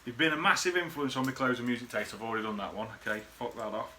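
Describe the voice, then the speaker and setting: Guy, bright tense voice, rambling and sweary, faint background hiss. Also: mid-range voice, lively intonation, racing. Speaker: friend recording a birthday message. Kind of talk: casual rambling reminiscence.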